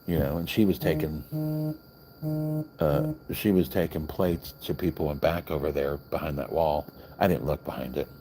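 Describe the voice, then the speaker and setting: Low dark-voiced dude rambling through a diner story live, chatty, faint hiss. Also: male voice. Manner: rambling, chatty, acts out other people's lines. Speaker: vlogger. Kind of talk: casual storytelling on a livestream. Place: hotel, with crickets outside.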